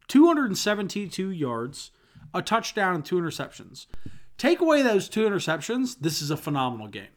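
Lively young man co-hosting a sports podcast. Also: high voice. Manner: playful, teasing, quick to laugh. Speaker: podcast co-host. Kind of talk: casual sports chat.

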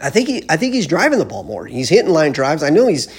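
A man holds forth in a loose, rambling sports rant, blunt and heavy on swearing. His voice sits a little high with a husky, breathy grain. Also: wildly swooping pitch, quick pace. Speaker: baseball fan commentator.

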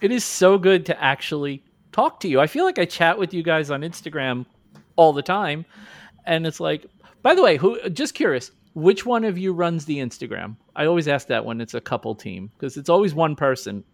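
A man in his forties hosting a podcast in casual chat, animated and self-mocking, acting out quoted lines. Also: fairly high pitch, normal speed, creaky, dry recording. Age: 40s. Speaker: podcast host.

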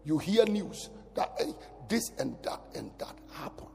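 A man preaching a sermon as pastor, his delivery swinging from loud bursts to near whispers. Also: high voice, unhurried, creaky, soft background music. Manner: animated preaching, sudden loud rises and drops to near whisper. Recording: long hall reverb.

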